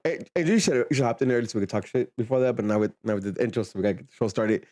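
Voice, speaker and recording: A man hosting a fan podcast in relaxed casual chat, often repeating words as he starts sentences. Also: mid-range voice, racing, no room sound, clean studio sound. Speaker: podcast host.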